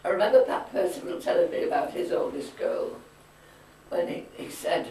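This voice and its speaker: An older woman, a grandmother being interviewed, reminisces in casual chat with a lowish, mellow voice, lively intonation and moderate pace. She's a chatty storyteller with firm opinions. The camcorder mic sits far off in an echoey room, with a little hiss or hum.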